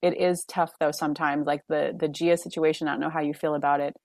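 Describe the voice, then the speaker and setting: Woman podcast host, pretty low voice, chatty and animated, dry close sound, lots of "like" and little laughs. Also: no echo. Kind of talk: casual chat.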